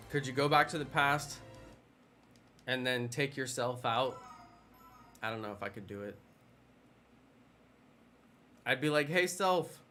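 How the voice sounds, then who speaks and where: A man's voice: medium pitch, sharp tone. A man casually chatting with viewers during a game live stream, rambling and playful.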